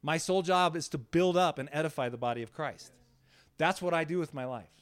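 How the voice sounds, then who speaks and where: With a slightly high voice and a somewhat fast pace, this pastor delivers a loose sermon in a small church room. He laughs as he tells stories and is animated, frequently checking in with his audience with tag questions like "right?"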